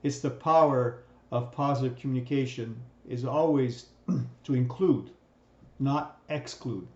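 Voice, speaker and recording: A man's voice: medium pitch, a little slow. Man lecturing in a roomy, dull recording. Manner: conversational, repeats "right?" often, frequent restarts. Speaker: instructor.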